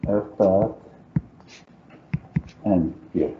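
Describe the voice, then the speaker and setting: With a low voice and an extremely slow delivery, a non-native English-speaking math teacher works through a live calculus lecture aloud, coaxing students to agree with him. The recording is roomy, dull and lo-fi.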